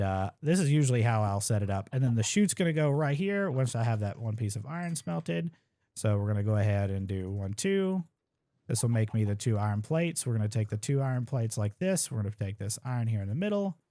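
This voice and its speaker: A man's voice: mid-range voice, dark tone, no room sound. A young man casually talking through his own game speedrun, thinking aloud as he plays and tossing in wry asides about his mistakes. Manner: casual, thinks aloud while playing, self-deprecating asides. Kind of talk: live gameplay commentary.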